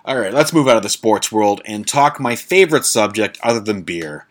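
A man's voice: on the low side, expressive, moderate pace. A man hosting a casual monologue podcast, blunt and sarcastic, swearing freely and stumbling over fancy words. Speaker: podcast host.

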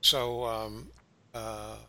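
Bright-voiced host with halting speech. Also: male voice, fairly low pitch, fairly even intonation. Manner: halting, many filler pauses. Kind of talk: casual chat.

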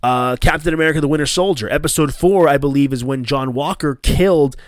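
A man hosting a casual chat, excitedly recapping an episode and swearing as he acts out scenes in a raised voice. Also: fairly high pitch, a little fast, no room sound, clean studio sound. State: coughing. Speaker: podcast host.

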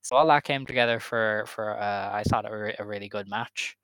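A man's voice: lowish voice, brisk, fairly bright tone, clear, resonant tone, no echo. A man co-hosting a wrestling podcast, recapping matches in casual chat, easygoing and hesitant with many fillers. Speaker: podcast co-host.

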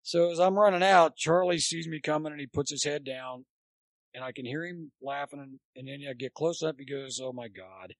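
A gravelly, slightly high-voiced older man tells long, animated stories in a casual chat. His voice sounds dry and close, with no room around it, as he acts out both sides of each exchange. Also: brisk, dry recording. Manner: animated anecdote teller, acts out quotes. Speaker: podcast guest, former college baseball coach.

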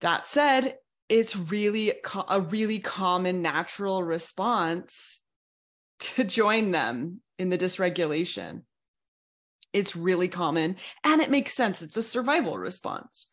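A betrayal recovery coach teaches a podcast lesson step by step in a fairly low, slightly bright voice, a little slow with big pitch swings. She's reassuring and now and then acts out quoted voices.

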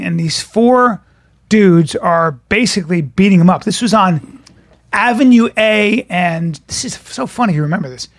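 Animated, profane man from New York. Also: sits high. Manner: profane, animated storytelling with restarts. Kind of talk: casual podcast chat.

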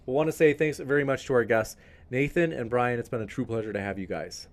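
A man with a medium-pitched voice hosts a live-streamed debate podcast at a quick pace. He rambles enthusiastically and speaks directly to his viewers.

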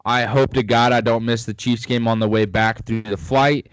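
A man's voice: mid-range voice, fairly even intonation, moderate pace, no echo. A young man co-hosting a casual sports podcast, upbeat and joking. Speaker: podcast co-host.

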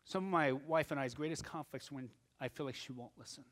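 A middle-aged man preaching a sermon, moving from quiet, musing talk to loud, impassioned passages. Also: medium pitch, brisk. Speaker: pastor.

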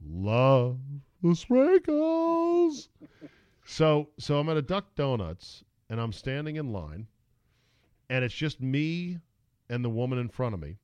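In a casual podcast chat, the middle-aged male host spins stories animatedly and sarcastically. He has a mid-range voice with a clean tone and a moderate pace, captured in a dry recording.

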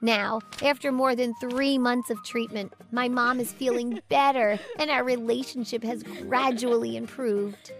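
A woman with a high voice reads a first-person tale with dramatic, emotive expression. Soft music plays faintly behind her narration. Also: fairly even intonation, a little slow, few pauses. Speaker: storyteller.

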